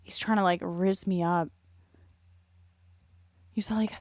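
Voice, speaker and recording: A woman's voice: fairly low pitch, fairly even intonation, slow pace, pauses often, no echo, studio quality. A woman streaming, chatting casually in a blunt, rambling way and swearing a lot. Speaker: streamer reacting to a video.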